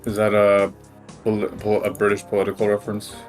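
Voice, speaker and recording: A man chatting casually with a friend while they play a game together, asking quick questions. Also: on the low side, monotone, faint music behind. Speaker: co-player. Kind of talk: casual gameplay chat.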